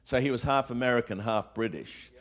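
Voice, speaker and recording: A man's voice: mid-range voice, a little fast. A man preaching a sermon to a congregation, asking rhetorical questions and weaving in quotes, with frequent fillers and restarts. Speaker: pastor.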